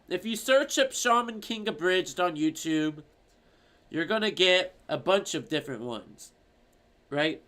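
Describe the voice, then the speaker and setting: A man's voice: a little high, a bit bright. A young man chatting casually on a stream, telling rambling stories with plenty of swearing. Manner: rambling, profane storytelling.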